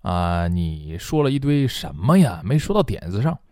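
A man teaching English phrases in a slow bilingual drill. He repeats each phrase and explains it in Chinese, acting out its feeling. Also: sits low, big pitch swings, a little mellow, no echo, clean studio sound.

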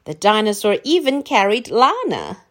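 A woman from China reading a children's picture book aloud in a slow, clearly paced, very animated way. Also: medium pitch. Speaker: storyteller. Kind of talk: children's storybook read-aloud.

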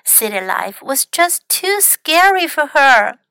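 A woman teacher narrates a children's story in a clear, patient, teacherly way. Her voice is high and bright, her pace slow. The sound is dry and close. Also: very animated, dry recording, rough recording. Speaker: English teacher.

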